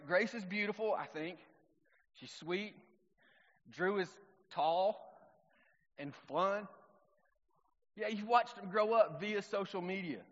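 A middle-aged man, preaching a sermon in a relaxed, conversational storytelling way. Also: high voice. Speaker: pastor. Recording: long reverb, dull lo-fi sound.

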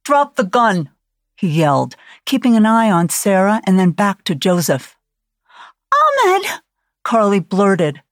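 Female audiobook narrator, steady dramatic thriller read, dry sound. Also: medium pitch, dry recording.

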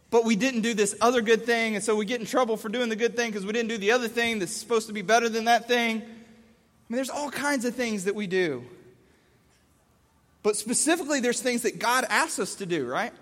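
A man delivers a sermon in a very high, bright, forceful voice. He tells his stories with lively energy and acts out the scenes. His voice rings through a large hall with long reverb. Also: moderate pace. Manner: animated storyteller acting out scenes. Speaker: pastor.

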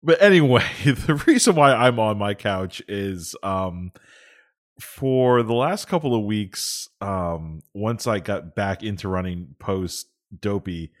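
Male co-host, lower voice, easygoing, halting, plenty of ums. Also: expressive. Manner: halting, many fillers, easygoing. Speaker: podcast co-host. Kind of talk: casual chat.

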